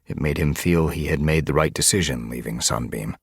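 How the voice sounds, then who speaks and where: A man narrating an audiobook with steady storytelling. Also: rumbling low, a little fast, husky, no room sound, clean studio sound. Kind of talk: scripted narration.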